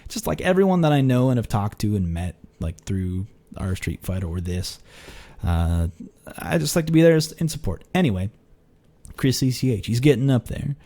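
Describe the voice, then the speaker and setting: A man's voice: big pitch swings, moderate pace, dark tone. A young man hosting a podcast, telling a story in a rambling, filler-heavy way with restarts, casual swearing and laughter. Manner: laughs and jumps in pitch when acting out quoted exchanges. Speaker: podcast host.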